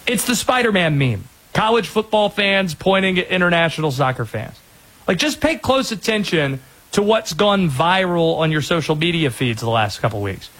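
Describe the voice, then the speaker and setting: A male sports radio host with a fairly high, husky voice. His delivery bounces up and down with energy and strong opinions, and he tosses in fast asides. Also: expressive, fairly bright tone, poor audio.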